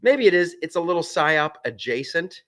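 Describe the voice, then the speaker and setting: A man's voice: on the high side, big pitch swings, moderate pace, fairly bright tone. A man hosting a live stream from a film set. He chats casually, reads out viewer comments and rambles with restarts and asides.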